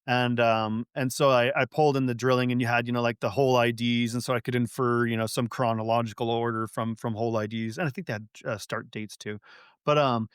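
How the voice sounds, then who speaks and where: A man in casual conversation as a podcast guest, talking in an animated, rambling way full of fillers and restarts. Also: medium pitch, brisk, clear, resonant tone, dry recording, clean studio sound.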